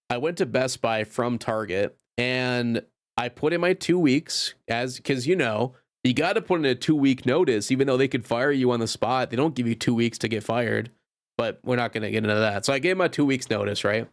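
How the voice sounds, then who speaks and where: A man's voice: mid-range voice, no room sound, studio quality. A man in his thirties hosts his own show, spinning loose anecdotes in a mid-range voice. He rambles and restarts, swears casually, and laughs at his own stories. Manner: rambling, self-interrupting, profane, frequent laughs. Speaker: podcast host. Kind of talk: casual storytelling monologue.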